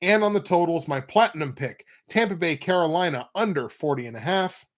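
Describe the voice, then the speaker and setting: A man's voice: on the high side, expressive, brisk. A young man hosting a football picks show in a casual, rambling way, with wry asides and self-corrections. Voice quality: nasal when pinching nose. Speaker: sports picks show host. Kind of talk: casual football betting talk.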